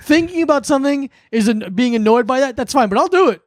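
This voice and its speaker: A man's voice: extremely high pitch, animated, quick pace, dry recording, clean studio sound. A man filling in as guest on a comedy podcast, chatting loosely, swearing freely and explaining things. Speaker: guest co-host. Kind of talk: casual comedic chat.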